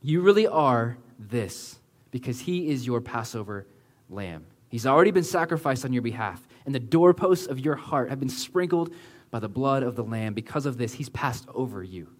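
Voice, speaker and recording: A man preaching a sermon in a church, earnest and conversational, often slowing to a hush for emphasis. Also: medium pitch, animated. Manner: earnest, conversational preaching with many "like" and "right?" asides; slows down and drops to a hush for emphasis. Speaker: pastor.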